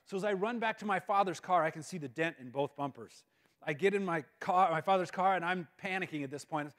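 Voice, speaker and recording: Animated, self-mocking storyteller man. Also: high-pitched, a little fast. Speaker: guest speaker. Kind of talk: humorous storytelling talk. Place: school auditorium. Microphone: live-stream mic.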